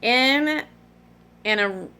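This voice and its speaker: A woman's voice: a little high, expressive, very slow, bright, forceful tone, clear, resonant tone. A middle-aged woman rambling in a casual, digressive chat to her vlog audience, often apologizing in asides. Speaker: cross-stitch vlogger.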